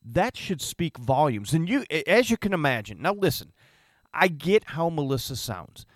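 A man's voice: fairly high pitch, big pitch swings, normal speed, no room sound, studio quality. A man giving emphatic, opinionated political commentary.

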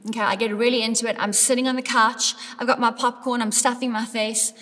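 A middle-aged woman preaching a lively sermon in a church, building up to emphatic calls to her congregation. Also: fairly high pitch, fast talker. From South Africa. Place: church hall. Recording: long hall reverb.

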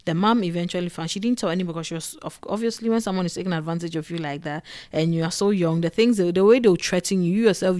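A woman talking casually to camera as a vlogger, animated and digressive, full of fillers and quick laughs. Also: lowish voice, no room sound, clean studio sound. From Africa. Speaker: vlogger and podcaster.

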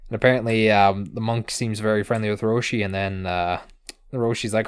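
A man co-hosting a podcast, recapping episodes in casual chat with sarcastic asides, casual swearing and quick put-on character lines. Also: lowish voice, fairly even intonation, smooth, dry recording.

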